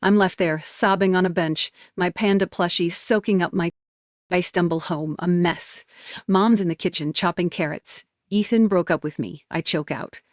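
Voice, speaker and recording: Young woman narrator, lowish voice, dry close mic, even and soft first-person telling. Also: moderate pace, no echo.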